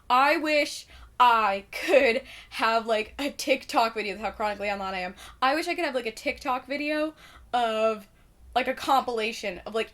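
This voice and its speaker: A young woman from Indiana chatting casually to camera in a rambling, sweary way, full of fillers and sudden loud outbursts. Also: a little high. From Indiana, United States. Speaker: vlogger.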